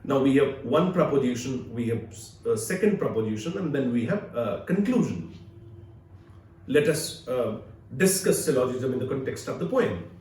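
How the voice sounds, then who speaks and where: Lively-pitched lecturing man, echoey room. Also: recorded from a distance. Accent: Indian English. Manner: measured, explanatory, frequent "uh" fillers. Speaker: literature professor. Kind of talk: recorded video lecture. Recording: echoey room, speaker away from mic.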